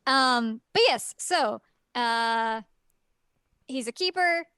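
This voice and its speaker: A woman's voice: fairly high pitch, expressive, drawn-out words, sharp tone, clear, resonant tone, no room sound, studio quality. Playful woman acting out quotes. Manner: chimes in and acts out quoted lines playfully. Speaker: podcast co-host. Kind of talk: casual chat about a video game.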